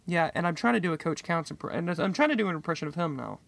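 Podcast co-host guy, jokey, bright sharp tone, dry close sound. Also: fairly high pitch, animated, fast, creaky, no echo. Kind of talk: casual podcast chat.

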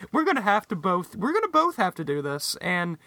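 A man's voice: high voice, wildly swooping pitch, brisk, sharp tone, no room sound. A man co-hosting a casual podcast chat, joking and self-deprecating. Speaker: podcast co-host.

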